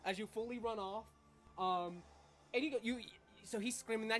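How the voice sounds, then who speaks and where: A woman's voice: a little high, normal speed. Young woman running a tabletop game, chatty and loose, bit of music behind. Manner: casual, rambling, full of fillers and swearing. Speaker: game master.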